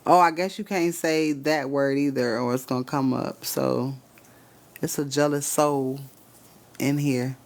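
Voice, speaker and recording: A man live-streaming loose spiritual readings, swearing freely and breaking into laughter as he talks. His voice has a gravelly, fried edge at a middling pitch, and he speaks straight to the viewers in the chat. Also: fairly even intonation, unhurried.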